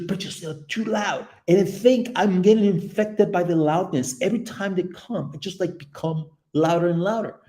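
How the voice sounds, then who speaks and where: A man in his forties chatting casually on a livestream from his office, excitable and rambling, swinging between loud bursts and hushed asides. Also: high-pitched, moderate pace, few pauses, roomy sound. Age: 40s. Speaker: livestreaming artist. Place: office room.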